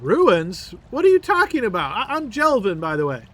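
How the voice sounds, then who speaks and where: A man's voice: high-pitched, huge pitch swings, normal speed, a bit bright, exaggerated voice. A game master voicing a flustered, boastful male elf bard who is held captive, chattering and stammering in a theatrical way. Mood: indignant. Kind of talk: tabletop role-play voice acting.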